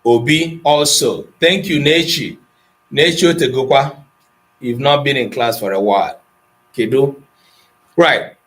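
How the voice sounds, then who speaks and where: A man's voice: medium pitch, a little slow, pauses often, fairly bright tone, poor audio. A middle-aged Nigerian man with an Igbo accent, teaching an online Igbo language class, explaining patiently and calling on students by name. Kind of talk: online class lesson, mixing Igbo and English.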